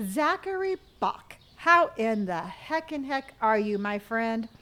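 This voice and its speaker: A woman streamer with a bright, high voice chats slowly and unhurriedly through her live game stream. She is playful and sing-song, and she gushes thanks to each viewer by name. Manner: effusive, thanking viewers one by one. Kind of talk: casual live-stream chat while gaming.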